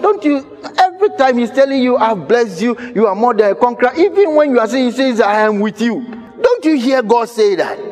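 Ghanaian male pastor, high pitch, emphatic repetitive sermon, faint music under. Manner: emphatic, repetitive preaching with rhetorical questions.

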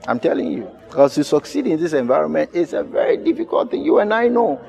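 A man's voice: on the high side, big pitch swings, quick pace, creaky, a little mellow. A man with a Ghanaian accent preaching a sermon as pastor, emphatic and repetitive, firing rhetorical questions at the congregation.

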